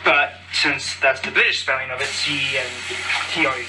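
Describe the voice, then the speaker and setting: A man's voice: medium pitch, steady tone, moderate pace, far from the mic, very noisy. A cheerful, chatty man hosting a podcast, rambling casually and losing his train of thought, recorded on a phone. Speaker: podcast host. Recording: phone recording with loud clattering dishes. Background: clattering cutlery, dishes and pots.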